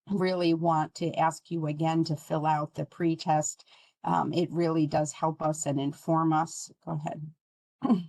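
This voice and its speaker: Low-voiced woman presenting a webinar. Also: dark tone, no room sound, poor audio. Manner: earnest, conversational, frequent ums. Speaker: trainer.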